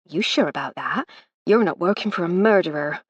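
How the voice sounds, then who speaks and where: A woman voicing a nervous young housemaid who hesitates, breaks off and drops to hushed tones in an audiobook. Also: lowish voice, animated, normal speed, husky, no room sound, lo-fi sound.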